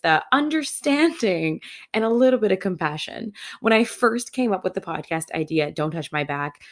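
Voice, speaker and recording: A young adult woman hosting a solo podcast, talking candidly and with animated frustration. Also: on the low side. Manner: candid and animated, quoting her own thoughts with frustration. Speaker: podcast host.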